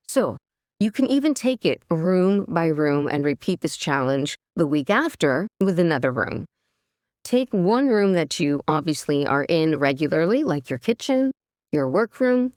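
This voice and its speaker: A woman hosting an English-learning podcast, giving clear step-by-step lessons in an encouraging tone and speaking straight to her listeners. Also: fairly low pitch, a little mellow, no room sound, clean studio sound. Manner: encouraging, patient, direct address to listeners. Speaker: English teacher and podcast host.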